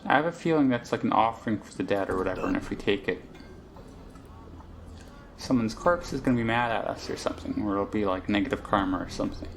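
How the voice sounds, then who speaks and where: A man's voice: on the low side, fast talker, a little hiss or hum. Rambling man thinking aloud over a game. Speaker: let's play host. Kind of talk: casual game commentary.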